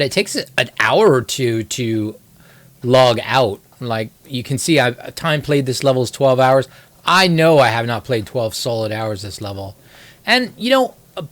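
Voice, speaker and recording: Slow, rambling man streaming a game. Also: medium pitch, fairly bright tone. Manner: rambling, wry and self-mocking. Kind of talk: casual live-stream commentary while gaming.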